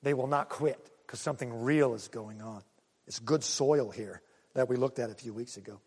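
A male pastor preaching a sermon, swinging between loud calls and quiet low asides. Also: moderate pace, slightly rough, long reverb tail.

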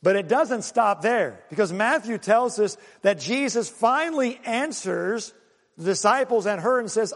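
A man preaching a sermon, animated and full of rhetorical questions and acted-out asides to the congregation. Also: sits high, measured pace, long reverb tail. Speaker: pastor.

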